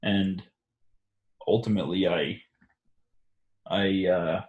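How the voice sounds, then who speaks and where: Halting, reflective man in an echoey room. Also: deep voice, fairly even intonation, darkish tone, muffled recording. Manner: halting, full of restarts and fillers. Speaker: discussion host. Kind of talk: reflective religious discussion.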